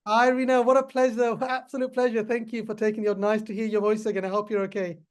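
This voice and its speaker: High-voiced chatty male pharmacy tutor. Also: flat delivery, fast. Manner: chatty, repeats himself, addresses the class directly. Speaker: pharmacist teacher. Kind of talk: online webinar teaching.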